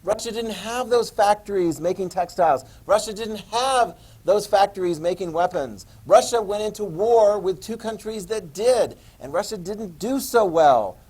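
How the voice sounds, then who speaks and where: A man teaching a history class, quizzing students with questions and joking asides in an animated lecture. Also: high-pitched, moderate pace, hardly any pauses, slightly rough, poor audio.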